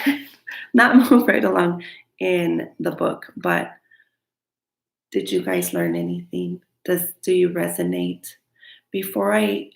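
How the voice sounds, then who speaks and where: A woman's voice: lowish voice, vocal fry. A woman talking to her viewers in an earnest, candid and frank self-help vlog. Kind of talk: motivational self-help talk. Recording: echoey room.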